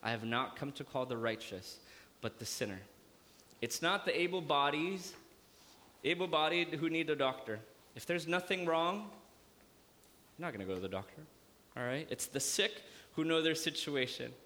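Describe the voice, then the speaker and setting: Pastor preaching in a reverberant hall. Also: male voice, fairly high pitch, normal speed. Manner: lively preaching with jokes and acted-out asides. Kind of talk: sermon. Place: church hall.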